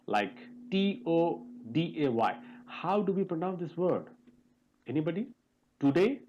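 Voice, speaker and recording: Slow, animated male pronunciation teacher. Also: on the high side, highs cut off. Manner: slow, deliberate, repeating sounds and spelling words out letter by letter; asks the class questions. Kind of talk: online pronunciation lesson. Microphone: video call.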